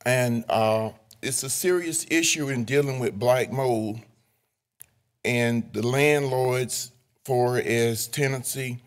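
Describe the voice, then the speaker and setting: An older man giving a public comment at a city council meeting, earnest and halting, with many fillers. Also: medium pitch, smooth.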